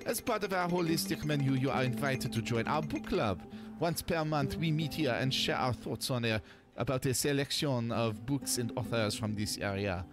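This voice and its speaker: A man's voice: medium pitch, moderate pace, over music, pitched above the performer's own voice, close to an everyday voice. A man voicing a gracious French woman sommelier in a put-on French accent, dropping in French phrases and tripping over words. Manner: slips into bits of French, stumbles over words.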